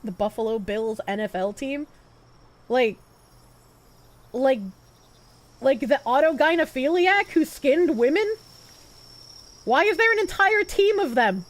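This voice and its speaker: A young woman streaming live, chatting casually and thanking viewers, swinging from loud high squeals to low mutters. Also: lively intonation, measured pace, long pauses. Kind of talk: casual live-stream chat reading donations.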